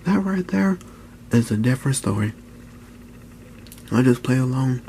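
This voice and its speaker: A man's voice: mid-range voice, animated, unhurried, dark tone, a little hiss or hum, poor audio. Earnest man telling a personal story. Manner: earnest, repeats phrases, frequent "you know". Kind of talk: candid personal account.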